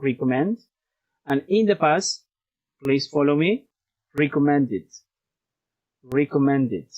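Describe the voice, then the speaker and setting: A man's voice: fairly high pitch, poor audio. A man teaching an online English class, patiently drilling words and repeating each one, slipping into Spanish to explain.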